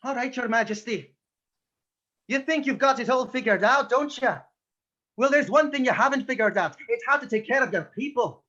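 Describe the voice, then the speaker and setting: A man's voice: high voice, animated, moderate pace, pushed and bright. A man in an improv comedy scene playing an earnest young male actor who sends in a laid-back audition tape. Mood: overwrought. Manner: laid-back, then overwrought monologue delivery. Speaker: improv performer. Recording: dull lo-fi webcam audio.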